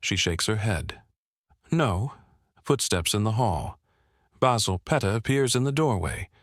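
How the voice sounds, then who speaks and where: Male audiobook narrator, low and unhurried, bone-dry booth sound. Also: animated, no room sound.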